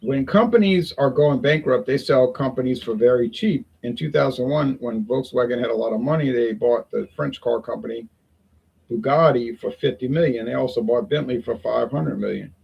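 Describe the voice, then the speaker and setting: A man's voice: mid-range voice, normal speed, gravelly, breathy edge, muffled recording. A man chatting casually and rambling in a folksy way, talking at home in the heat with the windows open. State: sweating in the heat. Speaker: beer review vlogger.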